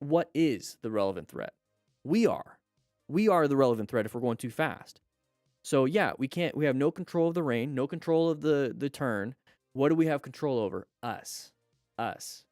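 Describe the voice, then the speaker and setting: A man's voice: medium pitch, no room sound. A man talks through riding videos like an instructor. He quizzes the listener and answers his own questions, with sudden exclamations at close calls. His voice sits dry and close, with faint music underneath. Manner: coaching, asks questions and answers them; excited exclamations at near misses. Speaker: motorcycle riding instructor and host.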